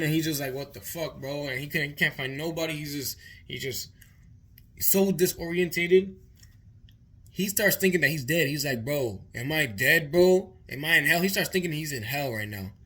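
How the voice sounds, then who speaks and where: A man's voice: on the high side, fairly bright tone. A young man vlogger telling a long story in a casual, rambling way, full of swearing and repeated words. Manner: rambling, profane, repeats himself.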